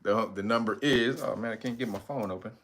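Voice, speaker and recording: A middle-aged man hosting a casual livestream, loud and joking, laughing often and jumping into high playful voices. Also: fairly quick, a little hiss or hum. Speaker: livestream host.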